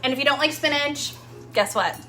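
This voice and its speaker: A woman's voice: high voice, normal speed, over music. A young woman hosting a casual cooking demo in her home kitchen, chatting loosely with lots of fillers as she works. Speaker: home cooking show host.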